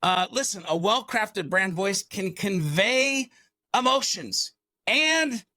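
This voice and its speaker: A man's voice: sits high, expressive, slow pace, bright, forceful tone, no room sound, studio quality. A man co-hosting a podcast, talking energetically and rambling a bit, with plenty of fillers. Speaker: podcast co-host. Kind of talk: enthusiastic podcast talk.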